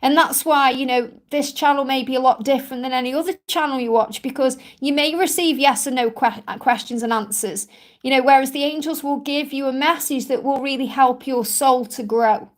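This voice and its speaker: A woman's voice: high-pitched, brisk. A woman from England with a strong Stoke-on-Trent accent, chatting and reassuring viewers as a spiritual reader in a live stream Q&A. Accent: Stoke-on-Trent English. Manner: chatty, reassuring, many "you know" fillers.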